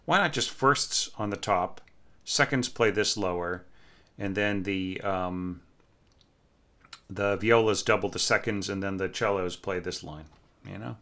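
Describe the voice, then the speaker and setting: A man with a lowish, bright, forceful voice talks through a student's orchestral score. He thinks aloud with fillers and hums little bits of the music as he goes. His tone is that of a relaxed but exacting teacher giving feedback. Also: measured pace. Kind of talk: casual spoken score critique.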